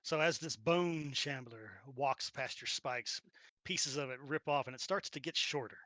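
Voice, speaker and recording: Bright, lively male game master. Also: mid-range voice, a little slow, dry recording. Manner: animated, laughs often, acts out sounds. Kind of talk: narrating a tabletop game.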